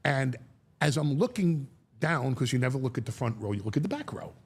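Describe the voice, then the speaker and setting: A man talking as a guest, telling a story in a lively way, acting out quotes and often restarting his sentences. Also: mid-range voice, husky. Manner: animated storyteller, acts out quotes, halting restarts. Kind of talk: storytelling chat.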